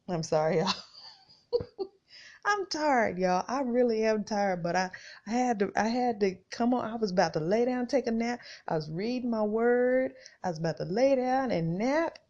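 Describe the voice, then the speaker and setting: A woman's voice: a little high, lively intonation, moderate pace, a little mellow. A woman hosting a podcast, reading scripture and talking casually to her listeners, repeating phrases for emphasis. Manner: chatty, addresses listeners as "y'all". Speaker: podcast host. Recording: dull lo-fi recording.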